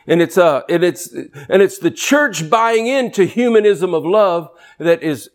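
An older man preaching a sermon, fervent and building up to near shouting. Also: on the high side.

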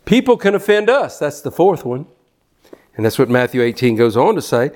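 A man's voice: medium pitch, sing-song, moderate pace, darkish tone. An older man preaching a sermon, fervent, often repeating words as he builds to a point. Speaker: pastor.

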